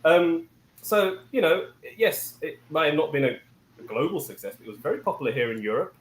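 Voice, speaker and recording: Brief: fast, eager male panelist explaining gadgets, a little high, echoey room. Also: lively intonation. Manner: eager, explains hardware at length. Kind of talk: casual panel chat. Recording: roomy echo.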